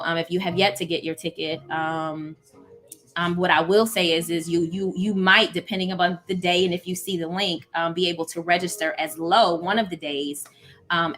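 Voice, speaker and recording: A woman hosting a live stream in casual chat, reading out viewer comments and talking to them warmly. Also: on the low side. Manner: warm, chatty, reads out viewer comments.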